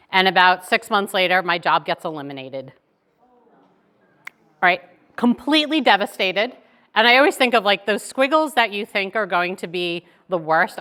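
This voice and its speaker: A woman, giving a keynote talk as lively conversational storytelling that keeps checking in with "right?". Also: medium pitch. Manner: chatty, animated, tags lines with "right?". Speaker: keynote speaker.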